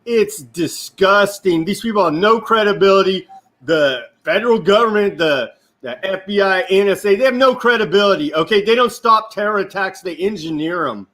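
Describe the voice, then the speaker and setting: Man, guest commentator, indignant, forceful, rhetorical, rather high voice. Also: normal speed. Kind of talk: political commentary.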